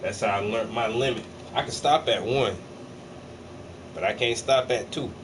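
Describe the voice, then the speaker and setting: A man paints on a livestream while bantering with his chat, joking, teasing and swearing. His voice is medium in pitch at normal speed. The mic is slightly distant, with a faint air-conditioner hum.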